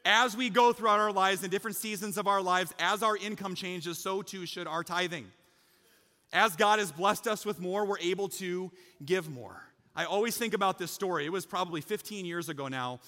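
A man preaching a sermon as pastor, talking casually with the congregation, joking and rising to loud, emphatic peaks. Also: sits high, normal speed, in a large hall. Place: church sanctuary.

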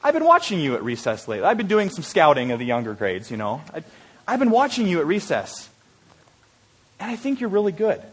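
A man's voice: high voice, wildly swooping pitch, brisk, breathy edge, exaggerated voice. A man voicing a big, confident boy who captains a schoolyard team, commanding at first and then easygoing and reassuring.

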